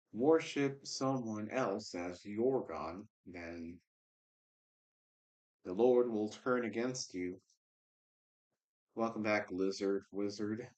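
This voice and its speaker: A man hosting a casual livestream, chatting with viewers and reading their comments aloud in a relaxed, rambling way. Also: lowish voice, rough recording. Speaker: livestream host reading scripture.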